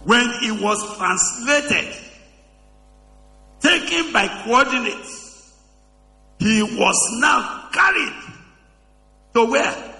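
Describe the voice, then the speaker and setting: Dramatic pastor in an echoey hall. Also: male voice, lively intonation, slow, vocal fry, pauses often. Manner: dramatic, swings from soaring high shouts to low murmurs; asks the congregation questions over and over. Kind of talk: sermon.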